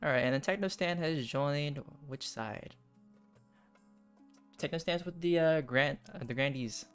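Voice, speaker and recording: A man's voice: a little high, measured pace, a bit bright, clean tone, faint music behind. Chatty male streamer reading game text. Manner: chatty, laughs often, dry asides.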